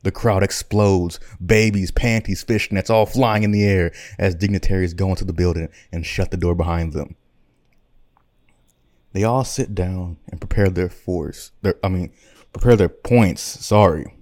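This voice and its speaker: A man's voice: low voice, steady tone, measured pace, darkish tone, no room sound, studio quality. A man hosting a podcast, telling a rambling comic story in slangy casual speech. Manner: rambling, slangy, with self-corrections. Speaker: podcast host. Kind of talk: comedic storytelling.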